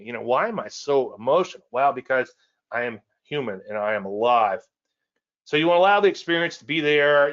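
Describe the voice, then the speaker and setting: A man's voice: a little high, a bit bright, lo-fi sound. A man giving a live trading presentation in a conversational, digressive way, often repeating phrases and chuckling at his own asides. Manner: repeats phrases and restarts sentences. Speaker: trading educator hosting a live weekly show.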